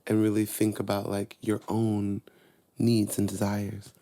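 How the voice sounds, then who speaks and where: A young man on a podcast as a guest, chatting casually and telling lively personal stories. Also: measured pace. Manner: animated storyteller, voices his younger self and mom in higher tones. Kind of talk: casual chat, storytelling.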